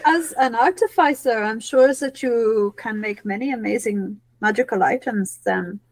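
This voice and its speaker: A woman playing a tabletop game, soft and unhurried. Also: on the high side. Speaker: player.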